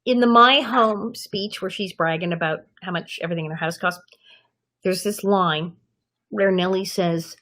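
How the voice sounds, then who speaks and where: A woman in her fifties, a guest actress in an interview, telling stories in a lively way and acting out the people she quotes. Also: mid-range voice, moderate pace. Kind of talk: anecdotal interview storytelling.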